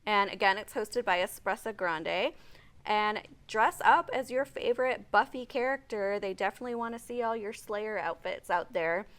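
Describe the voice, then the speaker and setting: A woman's voice: mid-range voice, normal speed, fairly bright tone. A woman hosting a morning show, chatting casually and reading out event listings with frequent laughter. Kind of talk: casual studio chat.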